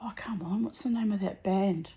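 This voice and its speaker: A middle-aged woman telling a story to the camera in a casual vlog, laughing often and going high and loud when excited. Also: moderate pace, a little hiss or hum. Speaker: vlogger.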